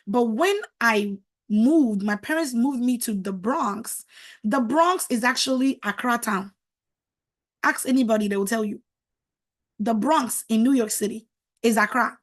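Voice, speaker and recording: A woman's voice: fairly high pitch, unhurried. Chatty woman from Ivory Coast. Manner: chatty, animated, checks in with the listener. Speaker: marriage coach. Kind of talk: casual storytelling to camera.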